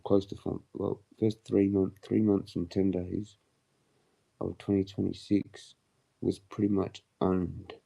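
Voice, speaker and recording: A young man rambling through a casual livestream, crude and full of slang and laughter. His voice is low, dark and husky, with a gravelly edge. He drags his words out slowly. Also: lo-fi sound.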